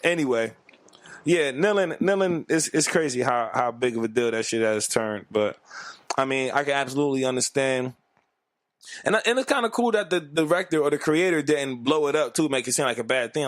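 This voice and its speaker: A man's voice: medium pitch, a little fast, dry recording. Brief: man in his thirties, insistent co-host who argues his point, plain mid voice. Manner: blunt, profane, insistent. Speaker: podcast co-host. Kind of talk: casual chat.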